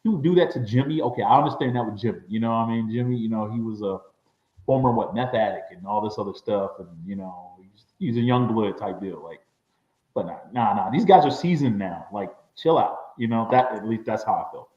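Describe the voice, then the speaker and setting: A man co-hosting a casual TV review chat, excitable and repeating words as he talks. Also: lowish voice, brisk. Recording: echoey, dull lo-fi sound.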